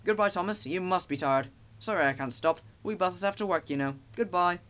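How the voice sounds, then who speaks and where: A man's voice: high-pitched, a little fast, a bit bright, pitched above the performer's own voice. A man voicing a friendly but boastful male bus who teases his rival in a storybook reading. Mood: teasing.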